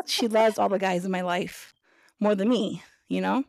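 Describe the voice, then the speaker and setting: A woman hosting a podcast, telling a story in a casual, animated way, acting out voices and laughing often. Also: mid-range voice, normal speed, creaky, no room sound. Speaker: podcast host.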